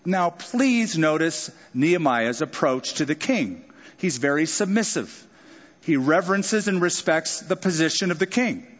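A man preaching a sermon, walking through a scripture passage and breaking into asides and acted-out lines. His voice sits a bit high for a man. The sound is dull and muffled, and a long reverb trails through a large hall. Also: lively intonation. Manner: expository preaching with quick asides and acted-out quotes. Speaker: pastor.

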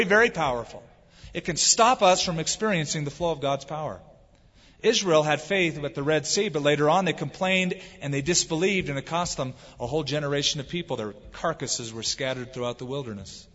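A man preaches with an emphatic, drawn-out delivery. His voice sits a little high and rings through a long hall reverb. The recording is dull and lo-fi. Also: a bit bright. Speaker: pastor. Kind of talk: sermon.

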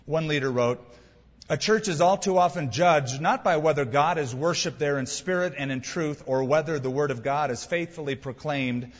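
Guy preaching a sermon, kinda husky, emphatic w/ little asides, long echoey church reverb, muffled sound. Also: fairly high pitch, normal speed. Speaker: pastor. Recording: dull hall recording with long reverb.

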